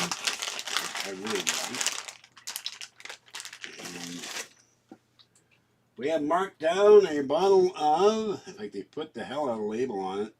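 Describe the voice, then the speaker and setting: A man's voice: on the low side, noisy background. An older man with a cough, chatting casually and rambling through his shopping haul at home, with fillers and frequent coughing fits.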